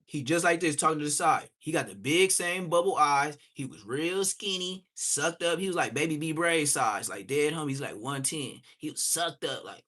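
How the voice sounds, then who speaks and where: A man roasting other streamers on a live stream, with a slightly high voice. He talks in an animated, mocking and profane way. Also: moderate pace, hardly any pauses.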